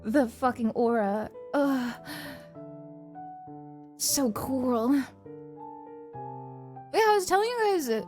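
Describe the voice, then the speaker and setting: A young woman streamer telling stories in an animated, giggly way, swearing often. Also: sits high, takes it slowly, pauses often, soft background music. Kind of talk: casual chat.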